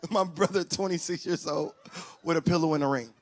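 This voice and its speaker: A man doing stand-up comedy on a church stage, telling family stories and acting out relatives in loud, high voices. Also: normal speed. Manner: animated storyteller who acts out family members in loud high voices. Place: church stage before a live audience.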